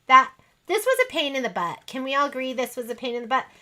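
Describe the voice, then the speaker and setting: A woman's voice: high voice, very animated, fast, bright, forceful tone. Chatty woman hosting a sewing stream. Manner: chatty and rambling, talking to viewers. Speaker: livestream sewing host. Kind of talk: casual chat while sewing.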